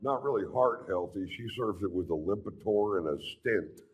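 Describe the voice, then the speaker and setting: A middle-aged man doing a stand-up comedy routine, telling crude stories in a dry, deadpan drawl. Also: on the low side, moderate pace, noisy background.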